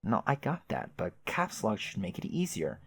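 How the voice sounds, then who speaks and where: A man voicing a smug, condescending male narrator who mocks his listener calmly and sarcastically. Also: on the low side, moderate pace, creaky, breathy edge, heavily acted. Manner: sarcastic, mocking, calm.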